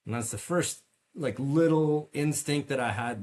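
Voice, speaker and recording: A man's voice: medium pitch, lively intonation, normal speed, a little mellow. A middle-aged man, a podcast guest, earnestly recounting a personal story in detail with frequent fillers and restarts. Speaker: podcast guest, medical device sales rep. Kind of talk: storytelling interview.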